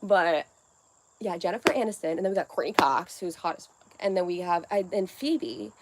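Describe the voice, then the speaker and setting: A woman's voice: fairly low pitch, moderate pace, noisy background. A young woman hosting a livestream, chatting casually and rambling as she reads viewer comments aloud, swearing freely. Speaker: livestream host.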